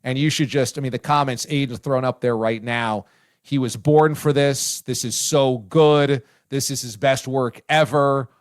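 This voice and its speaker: A man hosting a sports talk show, loud and enthusiastic, often shouting his praise. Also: mid-range voice, steady tone, measured pace. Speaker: sports radio host.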